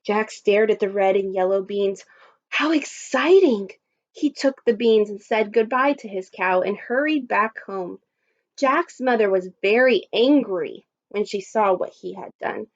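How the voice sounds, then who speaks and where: A woman teacher reading a story aloud to children, expressive and adding little asides. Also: medium pitch, a little slow, dull audio. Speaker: primary school teacher.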